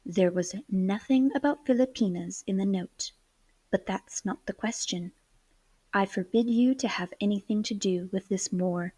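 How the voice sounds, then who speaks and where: A woman's voice: mid-range voice, unhurried, dark tone, breathy edge, dry recording. A woman reading aloud, voicing a stern, grim middle-aged father who speaks in clipped tones.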